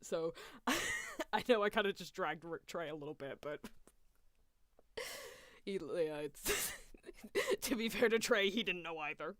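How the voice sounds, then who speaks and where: A woman's voice: lowish voice, lively intonation, takes it slowly, long pauses, fairly bright tone, no room sound. Giggly woman streamer, dry sound. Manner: giggly, chatty, asks chat questions. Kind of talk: casual watchalong commentary.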